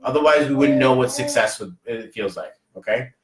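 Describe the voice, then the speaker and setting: Rambling, animated male podcast host. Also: mid-range voice, a little fast, roomy sound, crowd noise, poor audio. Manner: rambling, animated storytelling with many fillers. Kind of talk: casual motivational chat.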